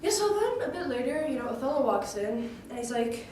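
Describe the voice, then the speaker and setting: A woman with a somewhat high voice tells a story in character, loose and chatty and full of fillers. She sounds far off in a very echoey room, with music playing clearly behind her. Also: expressive, normal speed. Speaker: student retelling a play in character. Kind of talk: casual in-character retelling.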